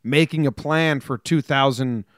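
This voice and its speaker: Smooth-voiced man co-hosting a podcast. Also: medium pitch, no echo, clean studio sound. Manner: quick, joking, reads listener messages. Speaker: podcast co-host. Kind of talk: casual sports podcast chat.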